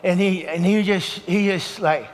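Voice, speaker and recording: A man preaching a sermon, telling a personal story in an earnest, storytelling way that turns hushed and emotional, then leading a prayer. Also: high voice, fairly even intonation, unhurried, long reverb tail, slight background noise.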